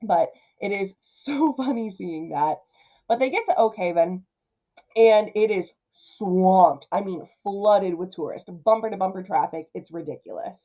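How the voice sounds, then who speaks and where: A young woman chats her way through a film review, jumping into quick voices for the characters. Her pitch sits in the middle, and the recording sounds a little dull. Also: lively intonation. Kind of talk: casual commentary.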